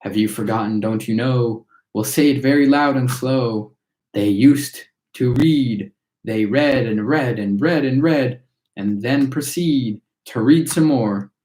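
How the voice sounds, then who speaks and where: A man reading a chorus of tiny singing factory workers, reciting their verse in a steady rhythm. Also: mid-range voice, a little slow, natural voice. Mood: preachy. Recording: roomy echo.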